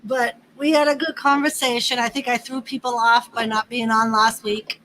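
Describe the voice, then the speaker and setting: A woman from the northeastern United States hosting a livestream, chatting casually in a drawn-out, easygoing way with laughs. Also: fairly high pitch, flat delivery, fairly bright tone, a little hiss or hum, low-quality recording. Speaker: livestream host. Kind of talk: casual chat with viewers and a partner.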